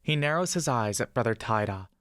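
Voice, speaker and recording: A man tells a fantasy adventure in the second person, steady and measured. His voice is mid-pitched and plain. It is recorded close on the mic in a dry space. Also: no echo. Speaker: narrator.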